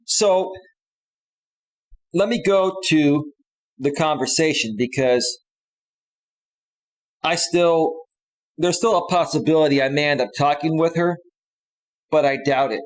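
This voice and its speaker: A man's voice: fairly high pitch, slow, long pauses, rough recording. A man coaching in a casual livestream monologue, chatty and often checking in with his listeners, with frequent restarts and repeated phrases. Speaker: dating and life coach.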